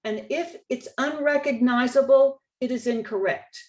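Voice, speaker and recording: A woman with a Texan accent giving a conference talk on spelling contests, walking through slides in a measured, instructive way. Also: high voice, a little mellow. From Texas. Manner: measured, instructive, reads example quotes aloud. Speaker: state contest director.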